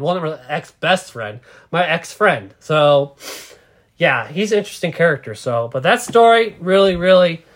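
A man's voice: fairly high pitch, a bit bright. A young man casually telling a rambling, profane story as a podcast co-host.

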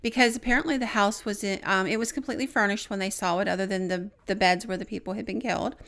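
A woman's voice: mid-range voice, steady tone, quick pace, fairly bright tone. A woman co-hosting a podcast, chatting casually and telling stories with plenty of fillers. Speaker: podcast co-host, paranormal investigator.

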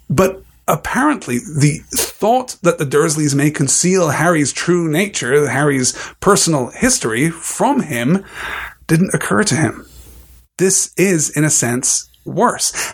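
A man hosting a book discussion, giving measured, thoughtful literary commentary with frequent restarts. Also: fairly high pitch, slightly rough.

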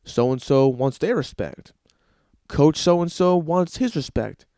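A man putting on a smug, self-important male star athlete with a slow, lazy drawl. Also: a little high, lively intonation, warm tone, no room sound, clean studio sound.

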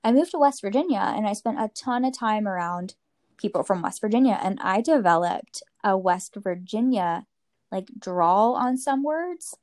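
A woman's voice: medium pitch, animated, moderate pace, a little mellow. A woman from Maryland co-hosting a podcast, chatting in a laid-back way and reading prompts off a list. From Maryland, United States. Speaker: podcast co-host. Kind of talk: casual chat.

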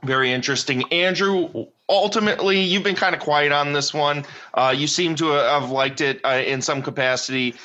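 A man's voice: fairly high pitch, moderate pace, bright, forceful tone. A man hosting a casual film review podcast, steering the panel and asking each guest for a final verdict. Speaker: podcast host. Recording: muffled lo-fi audio.

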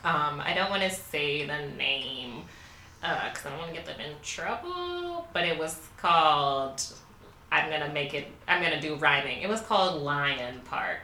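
With a deep, sharp-toned voice and lively intonation, this woman in her twenties co-hosts a podcast at a moderate pace. She shares a travel story casually, laughing openly and filling her speech with fillers. The audio is roomy and slightly distant, with a faint hiss or hum.

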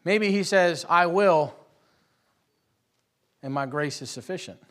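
A high-voiced young male preacher delivers a sermon to his congregation, drifting from soft, conversational storytelling into rising, fervent calls. His pitch sits well above most men's. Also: slow pace. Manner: swings from quiet storytelling to loud impassioned preaching. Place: church hall with live congregation.

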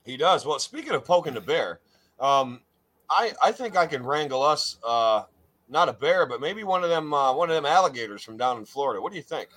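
A man's voice: fairly high pitch, expressive, a little fast, fairly bright tone, low-quality recording. A man hosting a casual talk show, hamming up grand introductions and repeating his words. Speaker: podcast host. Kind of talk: casual chat.

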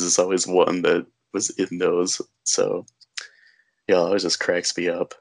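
A man's voice: deep voice, flat delivery, unhurried, vocal fry. A man hosting a podcast, chatting casually about a film with fillers and easy laughter. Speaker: podcast host. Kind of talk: casual movie discussion.

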